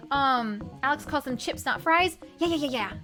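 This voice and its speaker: Bubbly high-voiced young woman streamer. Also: expressive. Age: young adult. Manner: bubbly, reads chat aloud, many quick repeated yeahs. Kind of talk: casual stream chat. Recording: stream with music playing behind.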